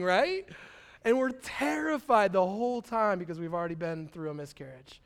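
A man's voice: extremely high pitch, expressive, normal speed, gravelly. A man, preaching a sermon as a pastor and telling a personal story in a casual, slangy way, acting out quotes with big swings in volume.

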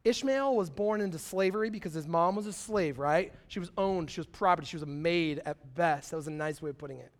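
A young man preaching a sermon in a casual, animated storytelling way, full of slang and acted-out quotes. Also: a little high, brisk, few pauses. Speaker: pastor.

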